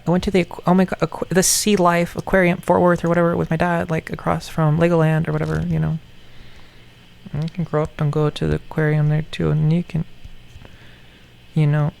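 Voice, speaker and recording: A man's voice: fairly high pitch, steady tone, moderate pace, creaky. A man rambling through a vlog monologue about his toys, joking like a villain and trailing off into mumbles. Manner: playfully menacing, meandering, self-mocking villain talk. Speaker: toy vlogger.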